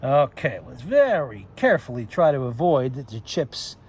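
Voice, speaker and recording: A man's voice: medium pitch, big pitch swings, a little slow, darkish tone, husky. A man collector casually chatting through a phonograph demonstration, chuckling as he goes. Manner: chatty, chuckles at his own remarks.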